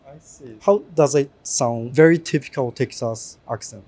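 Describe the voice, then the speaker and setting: Very low, husky Japanese-accented woman interviewer. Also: mellow. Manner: halting, many short acknowledgements. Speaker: street interviewer. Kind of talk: interview questions. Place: city street outdoors.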